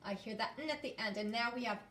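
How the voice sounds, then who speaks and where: A woman teaching a phonics lesson to young children, sounding words out slowly and inviting them to repeat after her. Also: fairly high pitch, bright, forceful tone, roomy sound, recorded from a distance. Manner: slow, drawn-out sounding out of words.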